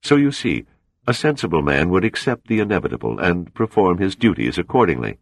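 A man voicing a suave, cold Soviet officer who talks with unhurried, mocking menace. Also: low voice, big pitch swings, vocal fry, no room sound, voice pushed up, full character voice.

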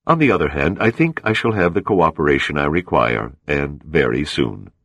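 A man voicing a suave, cold Soviet officer who talks with unhurried, mocking menace. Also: very deep voice, animated, fairly bright tone, no echo, heavily acted.

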